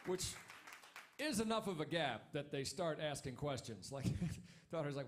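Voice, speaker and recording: A man's voice: fairly high pitch, big pitch swings, noisy background. Wry, punchy stand-up comedian man. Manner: wry, punchy delivery with quick asides to the crowd. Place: comedy club stage.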